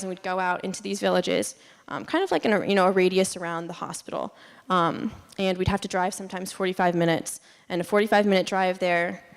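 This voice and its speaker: A young woman giving a casual student presentation, chatty with many fillers and frequent laughs. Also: mid-range voice. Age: young adult. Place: lecture hall. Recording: long reverb in a hall.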